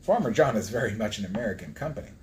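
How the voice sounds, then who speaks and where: Animated, flustered man streaming live. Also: lowish voice, very fast, slight background noise. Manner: flustered, stumbling over pronunciations, laughing at himself. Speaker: livestream host reading a book. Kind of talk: casual live-stream chat.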